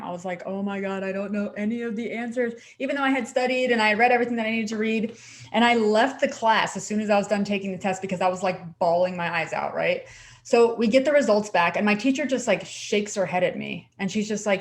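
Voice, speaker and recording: A woman co-hosting a podcast, a dental hygienist giving encouraging advice in animated casual chat, often saying "like". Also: medium pitch.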